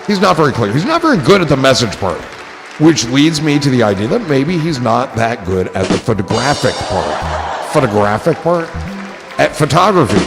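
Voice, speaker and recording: Gravelly, joking man hosting a stream. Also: medium pitch, sing-song, moderate pace, big-room sound, music in the background, crowd noise. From New Jersey. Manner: rambling, joking, profane. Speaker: livestream host reading chat. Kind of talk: casual chat.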